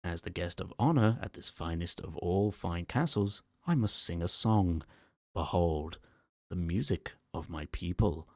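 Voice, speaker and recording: A man's voice: sits low, lively intonation, a little slow, no echo, studio quality. A man voicing a sugary male mascot robot that speaks in a prim English lady's voice, overly sweet and theatrical, in an ASMR story reading.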